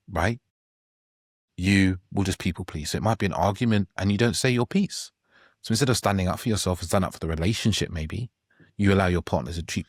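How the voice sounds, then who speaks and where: Man, lowish voice, relationship coach, conversational monologue, dry close sound. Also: dry recording. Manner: conversational, frequent "right?" check-ins. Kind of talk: podcast monologue.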